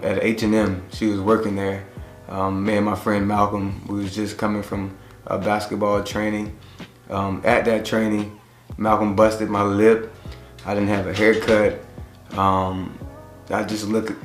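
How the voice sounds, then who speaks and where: A man telling how he met his wife in a laid-back, halting way, acting out the conversations as he goes. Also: fairly low pitch. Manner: laid-back, halting retelling that acts out dialogue. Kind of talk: casual storytelling. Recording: roomy echo with faint music.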